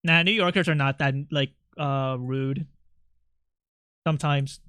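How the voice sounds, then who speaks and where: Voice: mid-range voice, fairly even intonation, unhurried, a bit bright, clean tone, no room sound. A streamer chatting casually and playfully with chat while drawing, rambling with lots of fillers.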